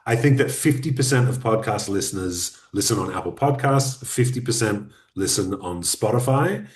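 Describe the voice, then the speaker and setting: A man as guest on an online webinar interview, explaining podcasting in a relaxed, practical way. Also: fairly low pitch, moderate pace, roomy sound. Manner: relaxed, explanatory advice-giving.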